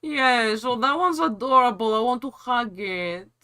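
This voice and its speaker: A man's voice: extremely high pitch, animated, a little slow, bright, forceful tone, clean tone. A man streaming a game and chatting casually with his viewers in a playful, giggly way.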